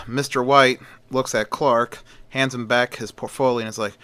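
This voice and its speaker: Male storyteller, casual, rambling, bright voice. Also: medium pitch, steady tone, measured pace, no room sound. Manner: rambling, with fillers and restarts. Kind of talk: casual fan story narration.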